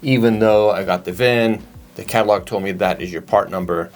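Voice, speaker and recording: A man's voice: fairly low pitch, brisk. A man co-hosting a parts store Q&A, answering in a plain, matter-of-fact way and spelling out part numbers. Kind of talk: casual Q&A chat.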